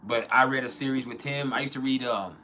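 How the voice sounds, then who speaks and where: A man's voice: mid-range voice, brisk, bright, forceful tone, slight background noise. A man hosting a casual livestream, rambling, often restarting his sentences and reading out chat comments. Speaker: livestream host.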